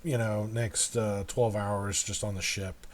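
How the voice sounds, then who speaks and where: A man running a tabletop game as game master, narrating in a halting way with frequent restarts. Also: on the low side, level tone. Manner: halting, restarts mid-sentence, laughs often.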